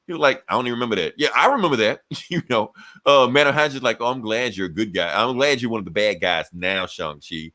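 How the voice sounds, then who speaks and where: A man co-hosting a podcast, retelling a comic book story and jumping into quick voices for each character. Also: mid-range voice, pushed and bright. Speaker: podcast co-host. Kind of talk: animated comic book recap.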